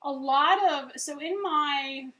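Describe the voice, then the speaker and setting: High-voiced woman in her forties. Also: takes it slowly, fairly bright tone, rough recording. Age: 40s. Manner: conversational, often checks in with "okay?". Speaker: veterinarian and coach. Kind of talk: casual motivational talk.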